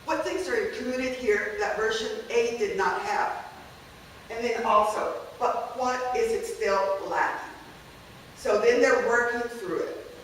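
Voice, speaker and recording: A woman's voice: on the high side, a little slow, recorded from a distance, slight background noise. Woman lecturing in an echoey room. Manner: conversational, checks in with "okay?". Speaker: language teacher presenting a workshop. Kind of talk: teaching workshop talk.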